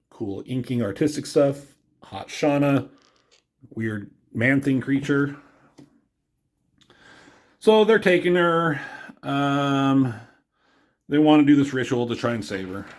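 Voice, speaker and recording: A man talking through a comic in a loose, rambling way, swearing freely as he goes. His voice sits at an ordinary middle pitch, and he sounds relaxed and informal throughout. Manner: rambling, profane, offhand. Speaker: comic book reviewer. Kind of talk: casual comic review.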